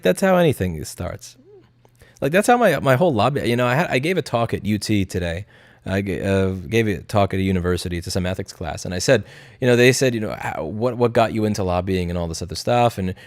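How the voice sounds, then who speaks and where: A man talks to his live-stream chat in a low voice that swings widely in pitch. He is blunt and profane and drops into sarcastic impressions of the people he mocks. The sound is close and dry. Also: no echo. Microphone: studio mic.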